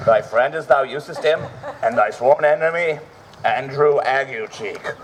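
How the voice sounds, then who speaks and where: A man's voice: medium pitch, measured pace, close to an everyday voice. A man playing a boisterous, scheming old knight with declamatory stage delivery, outdoors. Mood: plotting. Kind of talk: outdoor Shakespeare stage acting.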